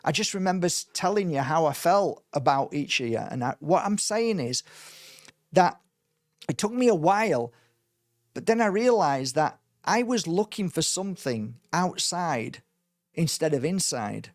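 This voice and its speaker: A man, a spiritual teacher, telling a personal story in a casual way and acting out the quoted dialogue with lively energy. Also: on the high side, a little slow, no room sound, clean studio sound. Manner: animated, acts out quoted dialogue.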